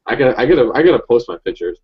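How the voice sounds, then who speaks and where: Chatting casually in a group, a young man tells rambling, profane stories full of restarts. He has a mid-range, sing-song, slightly rough voice and races along, with dull-sounding audio.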